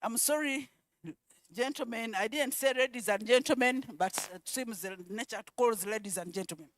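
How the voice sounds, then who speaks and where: A woman presenting at a conference, calling out attendees' names one by one and repeating each, with quiet asides in between. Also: a little high, moderate pace, no room sound. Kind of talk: roll call at a conference.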